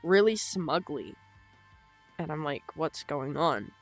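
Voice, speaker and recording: Halting young woman telling her story. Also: low-pitched, expressive, faint music behind. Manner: halting and emotional, with frequent swearing. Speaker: vlogger. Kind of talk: unscripted personal story.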